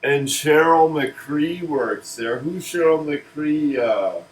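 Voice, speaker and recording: A man rambles through a cartoon pitch at an unhurried, drawn-out pace. He stumbles and restarts words as he goes. Faint noise hums under the recording. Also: lively intonation, poor audio. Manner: rambling, restarts words, laughs at own jokes. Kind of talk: casual comedic pitch chat.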